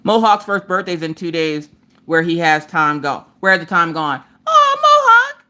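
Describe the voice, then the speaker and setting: Speaking at a moderate pace in a low voice, this woman hosts a relaxed crafting stream. She grew up in rural eastern America and keeps the live chat animated, sassy, and aimed right at the people watching.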